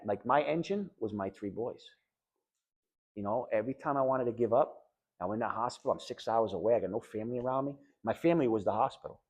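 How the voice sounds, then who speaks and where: A middle-aged man telling a group about his recovery after a lung transplant, animated, jumping between loud joking and quiet earnest talk, often repeating words. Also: fairly low pitch. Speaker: lung transplant patient speaking to patients. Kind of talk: personal story told to a group.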